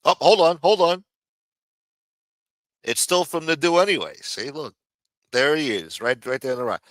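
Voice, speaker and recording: A man's voice: fairly high pitch, lively intonation, moderate pace, fairly bright tone, dry recording, clean studio sound. A man hosting a live commentary stream, sarcastic, profane and mocking as he talks. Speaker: livestream host.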